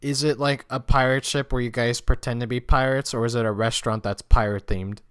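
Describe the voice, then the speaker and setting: A man's voice: medium pitch, steady tone, smooth. A young man from Mexico hosting a casual podcast chat, hesitant and full of restarts. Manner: hesitant, restarts often, quick laughs. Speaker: podcast host.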